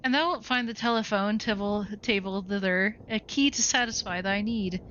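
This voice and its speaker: A woman's voice: mid-range voice, normal speed, fairly bright tone, slight background noise, lightly acted. A woman voicing a stiff, formal landlord who talks in pompous, archaic phrasing in a video game playthrough, on a dull lo-fi recording. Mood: stiffly formal. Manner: pompous, old-fashioned phrasing. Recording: dull lo-fi sound.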